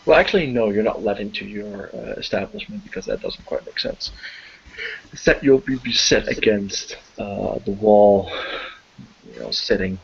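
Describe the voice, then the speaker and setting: Low gravelly guy as game master, husky, lots of uhs, dull lo-fi audio. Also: normal speed. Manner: rambling, hesitant with many fillers. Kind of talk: narrating a tabletop game.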